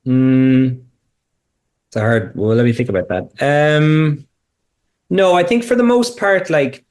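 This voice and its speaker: A man's voice: medium pitch, slow pace, darkish tone. A man speaking as a podcast guest, explaining casually while thinking aloud, with frequent restarts and fillers.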